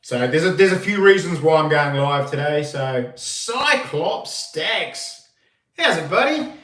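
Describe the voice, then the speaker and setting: A New Zealand man hosting a casual livestream, greeting viewers by name in a relaxed, easygoing way from an empty room. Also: a little high, far from the mic. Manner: greets viewers by name, slow and laid-back. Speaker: livestream host. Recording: echoey room, voice a bit off-mic.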